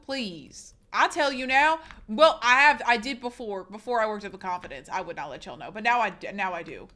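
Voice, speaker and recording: A woman's voice: mid-range voice, expressive, fairly quick, hardly any pauses, sharp tone. A woman streamer, sick, talking frankly and casually straight to her live chat.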